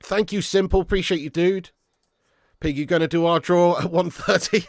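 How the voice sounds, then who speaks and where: A young man's high-pitched voice, fairly even in intonation and normal in speed, reads viewer comments on a football fan live stream. He keeps up casual banter, laughs often, and calls viewers lad and mate, all in a dry, studio-quality recording.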